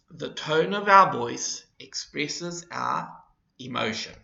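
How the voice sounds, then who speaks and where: A man explains an English exercise at a very slow, careful pace, his voice heavy with fry. The sound is roomy and echoing, with a dull, lo-fi quality. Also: a little high, lively intonation, pushed and bright. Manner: deliberate, with acted example phrases. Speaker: English teacher.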